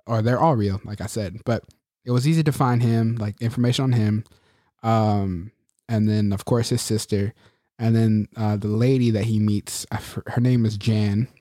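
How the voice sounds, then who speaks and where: A man's voice: on the low side, fairly even intonation, moderate pace, warm tone, no echo, studio quality. A man co-hosting a casual podcast chat, joking and acting out quotes in a raised voice. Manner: jokey, acts out quotes in a raised voice. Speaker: podcast co-host.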